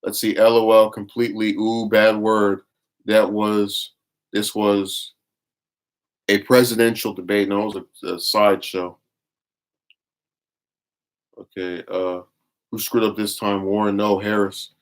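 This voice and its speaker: A man's voice: fairly low pitch, level tone, measured pace, long pauses. A man giving blunt, scornful live-stream commentary, reading viewer chat and rambling with frequent restarts. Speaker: livestream commentator.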